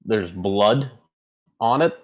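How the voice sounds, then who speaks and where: A man's voice: lowish voice, expressive, takes it slowly, highs cut off. A man narrating as game master in a tabletop game, rambling and searching for words as he describes the scene.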